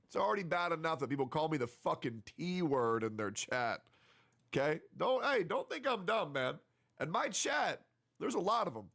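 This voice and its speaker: A man ranting heatedly about online drama, mocking others and sometimes shouting. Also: high voice, sing-song, moderate pace, gravelly. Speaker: streamer.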